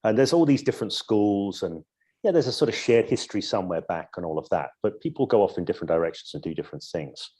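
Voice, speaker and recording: A man, a hypnosis coach, talking in a relaxed, reflective way in a podcast interview and explaining his methods with examples. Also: fairly low pitch, fast, breathy edge. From Edinburgh, Scotland. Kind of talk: casual interview conversation.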